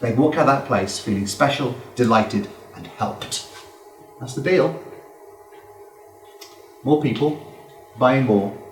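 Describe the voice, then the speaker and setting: A man giving a lively, joking business talk to a live audience and acting out customer exchanges. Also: mid-range voice, slow, pauses often, slight background noise. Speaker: business speaker. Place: hall with a small audience. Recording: echoey room, from far off.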